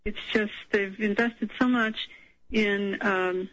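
A woman from Colorado calling in to a radio show on the phone, speaking hesitantly with many pauses and ums. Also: mid-range voice, steady tone, a bit bright, no echo, highs cut off. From Colorado, USA. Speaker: caller. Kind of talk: phone-in conversation.

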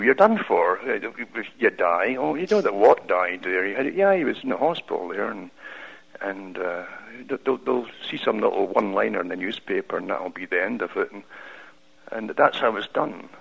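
A man with a Scottish accent, a radio guest telling a personal story in an animated way, with many restarts. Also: lowish voice, moderate pace, vocal fry, husky. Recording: lo-fi radio broadcast.

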